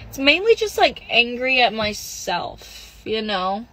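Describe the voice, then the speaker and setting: A young woman on a phone livestream, venting and close to tears, halting, with lots of "like" and "literally" as she reads comments. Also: on the high side, big pitch swings, bright, forceful tone, slight background noise, low-quality recording. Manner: frequent "like" and "literally", halting and upset. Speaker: livestream host. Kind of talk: casual livestream chat, reading comments.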